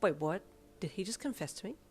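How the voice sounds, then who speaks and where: A woman voicing a brash, flippant delinquent teenage schoolgirl who often shouts. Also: mid-range voice, lively intonation, brisk, a little hiss or hum, lightly acted.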